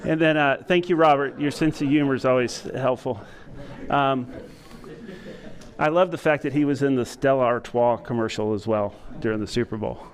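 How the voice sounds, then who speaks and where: A middle-aged man giving a training lecture to emergency medical staff, talking in a self-described monotone and pausing often with fillers. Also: medium pitch. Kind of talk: conference lecture to EMS staff. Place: lecture room with an audience.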